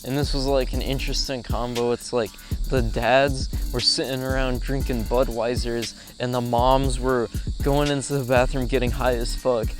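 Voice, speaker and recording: Young male vlogger, mid pitch, chatty and profane, outdoor camera-mic sound with light music behind. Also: normal speed. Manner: profane, animated storyteller with frequent fillers. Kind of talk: casual storytelling. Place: outdoors in a rural spot with insects.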